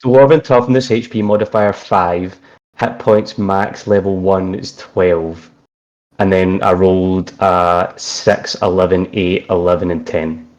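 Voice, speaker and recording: A hesitant man at a tabletop game talks in a fairly low voice, leaning on fillers as he goes. His voice comes through a dull, lo-fi voice chat mic. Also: fairly even intonation, slow, a little mellow. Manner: hesitant, fills with um and like. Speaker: player.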